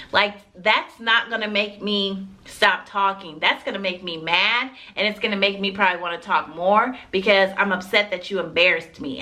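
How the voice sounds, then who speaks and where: A woman's voice: fairly high pitch, bright, forceful tone. A woman teacher in her thirties giving earnest classroom advice, emphatic and repeating phrases for stress. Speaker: teacher vlogger.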